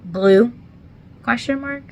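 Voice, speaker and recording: Slow-talking, gravelly young woman vlogger. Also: a little high, a little mellow. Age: 20s. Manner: chatty and rambling, apologetic, with lots of fillers. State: holding back tears. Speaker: book reviewer. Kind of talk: casual book recap vlog.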